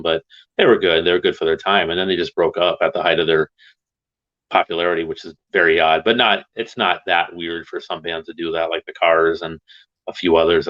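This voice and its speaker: A man with a very low voice chats casually on a livestream. He tells rambling, animated stories and laughs often. The sound is a bit dull and lo-fi. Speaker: stream host.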